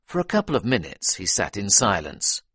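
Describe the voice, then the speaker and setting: A man narrating a storybook for English learners in an even, clear reading. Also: on the low side, brisk, no echo.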